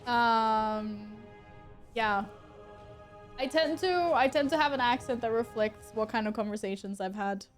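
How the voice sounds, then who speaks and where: A woman's voice: a little high, unhurried, faint music behind. A woman who grew up speaking Swedish, streaming a game and chatting casually with her viewers, humming to herself between remarks. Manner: chatty, talks to chat while playing, hums to herself. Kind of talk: casual gameplay chat.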